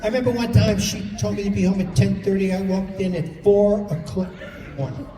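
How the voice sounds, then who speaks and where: High-voiced middle-aged stand-up comic. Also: male voice, brisk, far from the mic. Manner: animated storytelling, playing family members. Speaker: stand-up comedian. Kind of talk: stand-up comedy. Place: stage in a large hall. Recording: echoey hall from afar, audience laughter.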